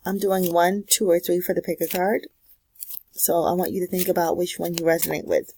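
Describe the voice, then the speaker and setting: A woman's voice: fairly low pitch, flat delivery, a little fast, dark tone, slight background noise, rough recording. A woman giving a casual pick-a-card astrology reading, with sassy, slangy, direct advice. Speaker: tarot and astrology reader.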